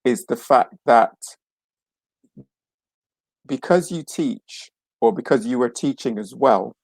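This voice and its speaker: Casting note: male interview host, mid-pitched, halting questions, dry sound. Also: lively intonation, gravelly, a little mellow, husky, dry recording. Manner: brief backchannels, hesitant questions. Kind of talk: casual interview.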